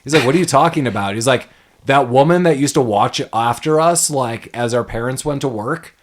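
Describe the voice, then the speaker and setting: A man co-hosting a podcast, recapping a movie in casual chat and acting out scenes in quick quoted voices. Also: medium pitch. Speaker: podcast co-host.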